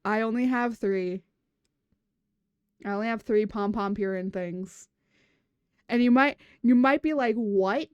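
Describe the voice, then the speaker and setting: A woman's voice: fairly high pitch, a little slow, pauses often, a little mellow, clear, resonant tone, no echo, muffled recording. A woman streaming as a VTuber, chatting casually, giggling and rambling as she restarts her words. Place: room at home.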